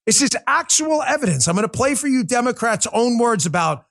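Male podcast host, high and very animated voice, sarcastic, profane, rant-style commentary. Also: normal speed, gravelly, hardly any pauses. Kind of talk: ranting political commentary.

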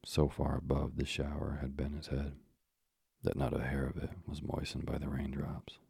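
A man narrating a classic storybook in a measured, old-fashioned way, pausing for moralizing asides. His voice is extremely deep and dark, with heavy fry, and it barely rises or falls. The recording is close and dry. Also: monotone, dry recording.

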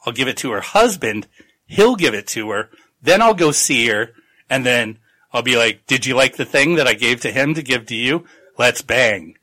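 A man's voice: lively intonation, normal speed, sharp tone, poor audio. A man voicing a bumbling, lecherous schemer who keeps botching his own plans. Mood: scheming. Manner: high-pitched frantic wailing. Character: bumbling lecherous schemer, self-pitying loser.

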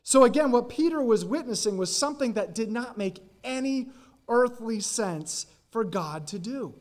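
A man's voice: very high-pitched, animated, moderate pace, a little mellow. A man preaching a sermon as pastor in a church, earnest and explaining scripture, now and then acting out the quoted lines. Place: church sanctuary.

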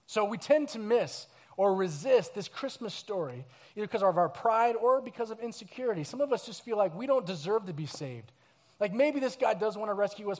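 Guy pastor telling a story at christmas eve service, kinda high voice, lots of acting out. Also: fairly quick. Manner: storytelling, animated, acts out scenes and quotes. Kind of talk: sermon.

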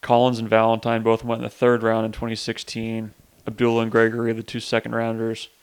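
A man with a gravelly, fry-laden voice that stays flat in pitch, delivering lists and dry, teasing asides. He co-hosts a casual sports chat. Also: brisk. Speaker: podcast co-host.

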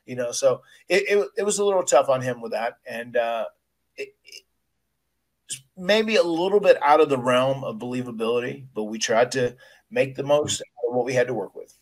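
In a casual podcast interview, a man with a mid-range voice, a podcast host and former wrestler, recounts a story. His telling is halting and emotional, with frequent restarts.

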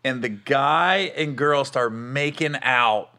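A middle-aged man hosting a casual chat, an animated storyteller who laughs often. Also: medium pitch, slow.

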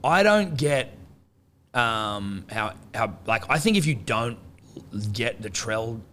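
A man's voice: medium pitch, lively intonation, slow, a bit bright, slight background noise. A young Australian man hosting a casual sports chat, blunt, sweary and joking. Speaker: podcast host.

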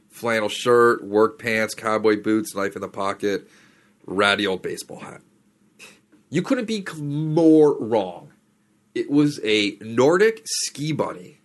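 A man's voice: lowish voice, a bit bright. Chatty man telling a rambling story. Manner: chatty, slangy, digressive. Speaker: podcast host. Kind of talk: casual storytelling.

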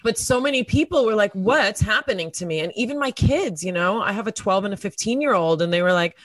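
A woman's voice: medium pitch, lively intonation, fairly quick, no room sound. Candid, self-deprecating woman guest, dry sound. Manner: frequent "like" and "you know" fillers. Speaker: guest, actress and podcaster. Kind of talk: candid interview chat.

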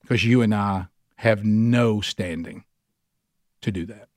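A man's voice: fairly low pitch, no echo, studio quality. Emphatic male Bible study preacher. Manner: emphatic preaching, slowing down for weight and speeding up when fired up. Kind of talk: sermon to a men's Bible study.

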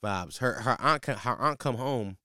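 A man in his twenties telling a casual, profane story in slang, with his voice jumping high when he gets exasperated. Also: lively intonation, moderate pace, pushed and bright, dry recording, clean studio sound.

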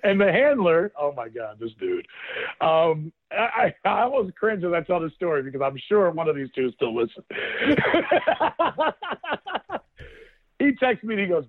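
A former football player in his thirties, a guest on a call-in show, tells a story loosely and animatedly, laughing often and quoting what others said. His voice sits on the high side at normal speed, coming through a thin, phone-like line with no room sound or echo.

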